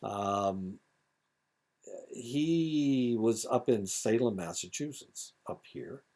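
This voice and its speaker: A man's voice: medium pitch, lively intonation, drawn-out words, warm tone. A man in his seventies with an Indiana accent, giving a recorded lecture in a rambling, digressive way with many fillers and asides. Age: 70s.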